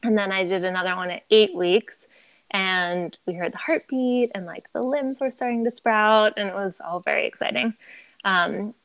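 Chatty woman with a gravelly edge. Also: medium pitch, normal speed, a bit bright. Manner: chatty, heavy use of "like", laughs often. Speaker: podcast guest. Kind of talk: candid conversational storytelling.

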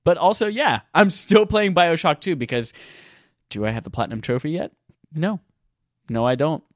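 A man's voice: fairly high pitch, moderate pace, no echo, studio quality. A man from North Carolina co-hosting a gaming podcast, joking and swearing as he tells stories. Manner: joking, profane, animated storytelling. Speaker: podcast co-host. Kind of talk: casual gaming podcast chat.

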